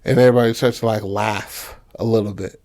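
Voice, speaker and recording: A man's voice: lowish voice, steady tone, brisk, a little mellow. A man hosting a podcast, retelling a film in loose, slangy casual chat full of fillers. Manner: loose and slangy, heavy on fillers like "you know".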